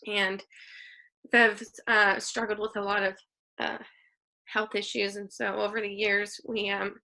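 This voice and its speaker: A woman's voice: mid-range voice, level tone, unhurried, creaky, pushed and bright. A woman in her thirties on a video call, sharing memories at a memorial and laughing through her tears.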